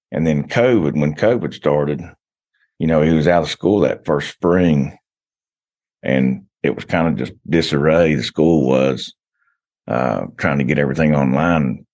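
Deep-voiced rambling man. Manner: rambling, storytelling, frequent restarts. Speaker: podcast guest, hunter. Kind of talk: casual podcast chat.

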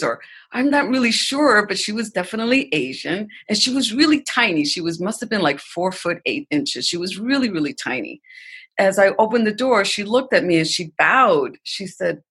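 A woman as a podcast guest, telling a personal story in an animated, emotional way, with frequent "like" and "you know". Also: medium pitch, husky.

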